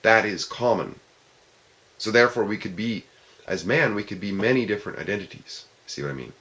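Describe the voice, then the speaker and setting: Deep-voiced man musing aloud. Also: expressive, a little fast, fairly bright tone. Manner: reflective, explaining step by step with questions. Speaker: presenter at a discussion group. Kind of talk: informal philosophical talk.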